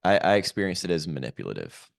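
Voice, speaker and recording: A man, a podcast guest, telling a painful personal story in a reflective, halting way with many pauses. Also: low-pitched, big pitch swings, gravelly, dry recording, studio quality.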